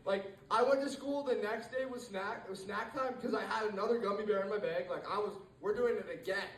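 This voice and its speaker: Teen male comic, high-pitched, rambling and full of fillers, stand-up set, distant mic. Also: a little fast, a bit bright, a little hiss or hum. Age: teens. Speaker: stand-up comedian. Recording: echoey room, mic far off.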